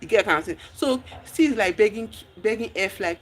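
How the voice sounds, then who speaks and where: A streamer, recapping a movie in casual chat, telling the story with lively exclamations and acting out the characters' lines. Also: mid-range voice, normal speed, few pauses, a little hiss or hum. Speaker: livestream host.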